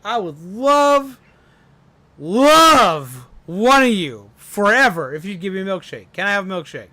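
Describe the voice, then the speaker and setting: A man's voice: high-pitched, very animated, unhurried, bright, forceful tone, full character voice. A man voicing a pushy, cheerful male duck who keeps begging for a milkshake in a chummy, wheedling way.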